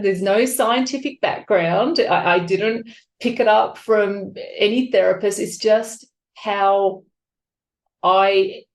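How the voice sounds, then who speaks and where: A woman author being interviewed on a podcast, talking openly and with feeling, acting out voices as she tells stories. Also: mid-range voice. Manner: open, emotional, animated storytelling. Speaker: author guest. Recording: echoey room.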